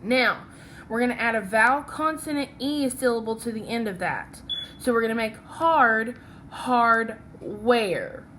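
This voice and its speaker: Slow, patient woman teaching phonics. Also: fairly high pitch, noisy background. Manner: slow, patient, checks in with "okay?". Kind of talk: phonics lesson, writing along.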